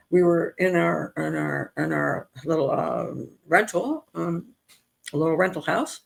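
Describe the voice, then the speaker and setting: A middle-aged woman with a fairly low, gravelly voice hosts an advice show. She retells a personal story in a casual, animated, exasperated way, interrupting herself and restarting many times.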